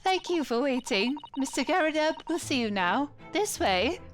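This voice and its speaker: A woman's voice: high-pitched, very animated, voice pushed up. A woman voicing a polite, formal young maid in a put-on English accent, over game music. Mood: prim. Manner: formal, measured.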